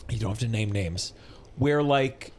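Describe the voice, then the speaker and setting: A man's voice: lowish voice, measured pace, a little mellow. A man hosting a comedy podcast, easygoing, chiming in often with short affirmations. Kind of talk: casual podcast chat.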